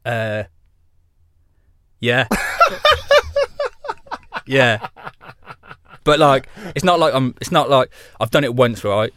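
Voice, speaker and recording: A man's voice: mid-range voice, takes it slowly, long pauses, a bit bright, a little hiss or hum. A man from Wales chatting casually as a podcast guest, laddish and laughing, full of slang.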